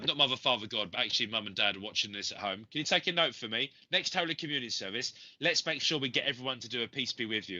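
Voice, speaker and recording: A man with a cold, hosting a live psychic reading show in a gentle, rambling way full of ums and uhs. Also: on the low side, dull audio. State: has a cold. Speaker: psychic medium host.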